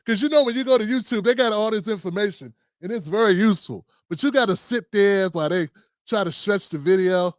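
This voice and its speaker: Animated man hosting a live show. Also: sits high, fairly quick, dry recording, clean studio sound. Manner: animated storytelling with slang, voices and sung riffs. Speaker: host. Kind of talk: casual live-stream monologue.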